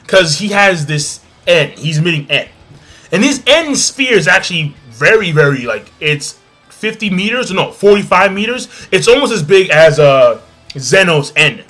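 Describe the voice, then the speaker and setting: An excitable man talks through an anime episode in a loose, profane recap. His voice sits a bit high for a man, and music plays faintly under him. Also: moderate pace. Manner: excitable, swears freely, acts out quotes from scenes. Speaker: anime reviewer. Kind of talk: casual animated recap.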